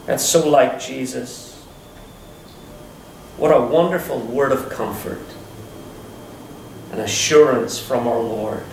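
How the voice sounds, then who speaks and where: A man preaching a sermon as pastor, expressive and dropping to a hush at times. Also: slow, creaky, long pauses, a little hiss or hum. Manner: expressive preaching, swinging pitch, drops to a hush. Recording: echoey room, voice from a distance.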